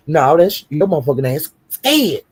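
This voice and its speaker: A man ranting on a live stream, taunting someone with profane insults and slow, drawn-out jabs. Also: on the high side, big pitch swings, slightly rough. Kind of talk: heated live-stream rant.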